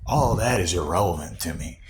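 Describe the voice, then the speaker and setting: Low-voiced angry man ranting, roomy echo. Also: expressive, fairly quick. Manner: heated, profane, rambling with many restarts; sometimes lowers his voice to a near whisper. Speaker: vlogger. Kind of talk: angry unscripted rant. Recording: roomy echo, faint background noise.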